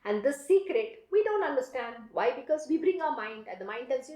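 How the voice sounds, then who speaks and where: A woman's voice: high voice, lively intonation, brisk, dark tone, reverberant, low-quality recording. A woman giving an earnest devotional discourse as a spiritual teacher, often adding "you know" as she explains.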